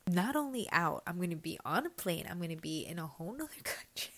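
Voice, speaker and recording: A woman giving a personal faith testimony, switching between Spanish and English mid-sentence in a soft, confiding way that often sinks to a whisper. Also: fairly low pitch, very animated, quick pace, few pauses. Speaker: church member sharing her testimony.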